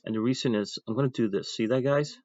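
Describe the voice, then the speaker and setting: A man's voice: mid-range voice, fast talker, darkish tone, no room sound, lo-fi sound. A man teaching an ink drawing class, talking casually as he draws and thinking aloud with chatty asides. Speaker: art teacher.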